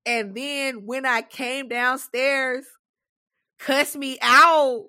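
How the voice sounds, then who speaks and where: Bright, high-voiced woman ranting. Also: drawn-out words. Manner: animated storytelling, laughs often. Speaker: podcast co-host. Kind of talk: casual rant.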